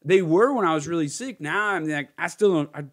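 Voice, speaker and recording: A man's voice: fairly high pitch, animated, a little fast, fairly bright tone. A young man, a comedian, chatting casually and telling crude self-mocking stories with acted-out quotes. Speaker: comedian, podcast host. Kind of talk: casual chat.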